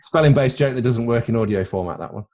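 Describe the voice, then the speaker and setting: A man's voice: mid-range voice, quick pace, a little mellow. A man with a British accent co-hosting a casual film podcast, joking and tripping over repeated words as he thinks. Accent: British English. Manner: jokey, rambling, repeats words while thinking. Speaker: podcast co-host.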